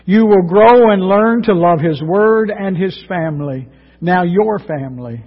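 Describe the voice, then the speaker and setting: A man preaching a dramatic sermon, reading scripture and swinging between loud emphasis and hushed moments. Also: high-pitched, unhurried. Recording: dull sound with long hall reverb.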